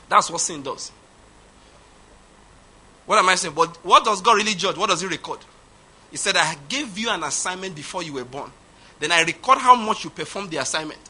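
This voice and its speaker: A man preaching a sermon, emphatic, swinging from loud declarations to quiet asides. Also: sits high, slightly rough. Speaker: pastor.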